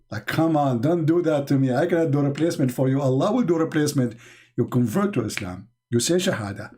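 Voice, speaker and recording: Sarcastic Arabic-accented man, husky. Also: medium pitch, fairly quick. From Middle East. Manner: mocking, sarcastic, animated, reads out chat comments. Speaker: online show host. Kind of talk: casual live-stream chat.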